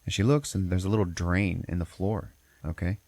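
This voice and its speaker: Deep-voiced man with a loose, cursing storytelling manner. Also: fairly even intonation, moderate pace, darkish tone, no room sound. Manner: profane, rambling storyteller. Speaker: podcast host. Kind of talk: casual movie recap.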